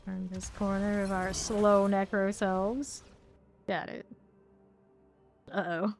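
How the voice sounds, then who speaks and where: A woman's voice: medium pitch, little pitch movement, slow pace, a little hiss or hum. A young woman streaming a game, chatting casually with viewers, answering chat and laughing easily while she plays.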